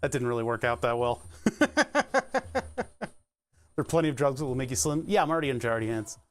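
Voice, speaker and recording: A man's voice: mid-range voice, animated, a little fast, fairly bright tone. A man streaming live, chatting casually and thinking aloud as he pedals an exercise bike, laughing often. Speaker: Twitch streamer.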